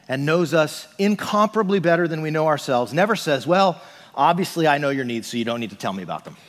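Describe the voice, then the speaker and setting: Man preaching in a reverberant church. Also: a little high. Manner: conversational, frequent "like" and "right?". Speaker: pastor. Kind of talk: sermon.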